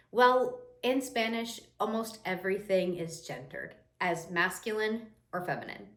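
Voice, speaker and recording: A woman's voice: mid-range voice, normal speed, hardly any pauses. Chatty young woman teaching, echoey room. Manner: lively, chatty, imitates the viewer's reactions. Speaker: Spanish teacher. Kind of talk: casual explanatory lesson.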